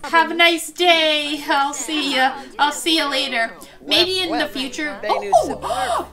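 Excitable high bright-voiced young woman. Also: a little hiss or hum. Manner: excitable, frequent gasps and laughs. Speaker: gaming video host. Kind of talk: casual let's-play commentary.

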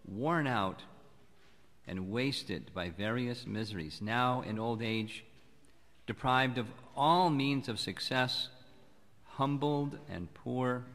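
A man gives a temple lecture at a mid-range pitch, his calm, unhurried words carrying a long reverb that hangs in a large hall. His delivery is measured and reflective, like a teacher working through scripture with a congregation. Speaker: spiritual teacher giving a lecture. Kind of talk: sermon.

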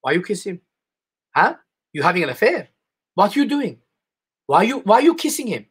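A comedian voicing a hot-tempered, jealous Armenian husband with an Armenian accent and broken English, accusing and loud. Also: male voice, sits high, very animated, normal speed, slightly rough, heavily acted.

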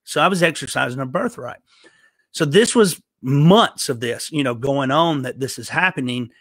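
A man telling a personal faith story in an earnest, halting way, often restarting his sentences. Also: mid-range voice, lively intonation, fairly bright tone, no echo. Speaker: podcast host telling a personal testimony. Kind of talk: emotional storytelling testimony.

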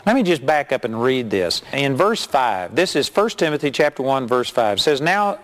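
A middle-aged man preaching a sermon as a television minister, reading scripture and telling stories with animated mimicry. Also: normal speed. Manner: animated storytelling, mimics hyped preachers in a high voice.

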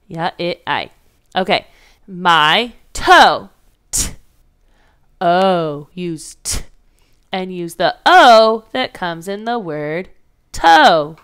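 A woman's voice: fairly low pitch, animated, drawn-out words, pauses often, a bit bright, clean tone. A woman teaching a phonics lesson to young children, patiently sounding out letters and words.

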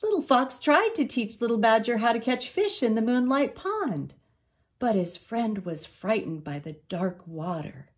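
Older woman reading a children's story. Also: fairly high pitch. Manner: expressive, slow read-aloud.

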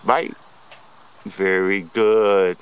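A man's voice: sits low, little pitch movement, extremely slow, slight background noise. A man, vlogging outdoors in a yard. He gives playful, teasing commentary in a sing-song, taunting way. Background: insects and crickets.

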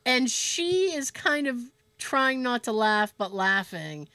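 A woman co-hosting a podcast, telling a story in an animated, profane way and laughing as she goes. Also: fairly high pitch, takes it slowly. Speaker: podcast co-host. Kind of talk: casual storytelling chat.

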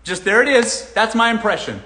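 A man's voice: high voice, big pitch swings, brisk, sharp tone, a little hiss or hum. A man from Los Angeles hosting a live Q&A on dating, giving advice bluntly and with plenty of profanity. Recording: roomy echo.

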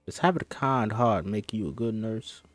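A man's voice: lowish voice, normal speed, no room sound, studio quality, natural voice. A man voicing a courtly, probing male detective in a screenplay table read, drifting in and out of a put-on accent.

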